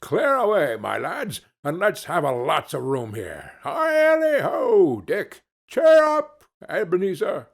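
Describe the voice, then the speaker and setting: A man voicing a jovial, stout old male merchant with a rich, oily voice, calling out loudly in a storybook reading. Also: medium pitch, sing-song, normal speed, creaky, hardly any pauses, breathy edge, exaggerated voice.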